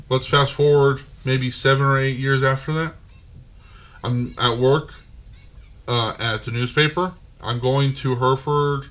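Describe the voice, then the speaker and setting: A podcast host with a drawl, talking in an ordinary middle-pitched voice. He rambles through a story, peppering it with curses and fillers, and keeps checking in with his listeners. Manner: profane, animated storytelling with many fillers. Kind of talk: casual storytelling.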